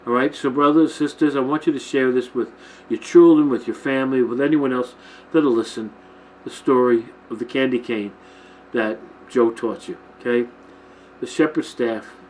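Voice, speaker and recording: A man's voice: medium pitch, moderate pace, darkish tone, a little hiss or hum, rough recording. A man hosting a Christian teaching show, talking informally to his camera and checking in with listeners often. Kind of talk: informal Bible-themed talk to camera. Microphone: camera mic, filming himself.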